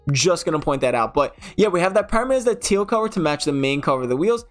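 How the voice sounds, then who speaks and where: A young man with a slightly high voice narrates his gaming video in a loose, conversational way. He rambles, corrects himself mid-sentence and fills gaps with ums and likes, like a casual host walking viewers through his picks. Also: sing-song, fast, faint music behind. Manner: chatty, rambling, many fillers and self-corrections. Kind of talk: casual game commentary voice-over.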